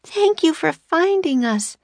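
A woman voicing an eager, brave young girl, a bit hoarse, in an audiobook. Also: very high-pitched, sing-song, slow pace, no echo, voice pushed up, heavily acted. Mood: calling, eager. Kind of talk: audiobook character voice.

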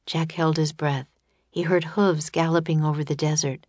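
Female audiobook narrator, lower voice, dry close sound, storybook reading. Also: little pitch movement, moderate pace, a little mellow, dry recording.

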